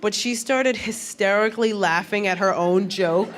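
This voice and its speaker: A woman's voice: medium pitch, moderate pace. A woman performing stand-up comedy on stage, talking chattily with the crowd and asking it questions. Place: comedy stage before a live audience. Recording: live stage recording with audience laughter and noise.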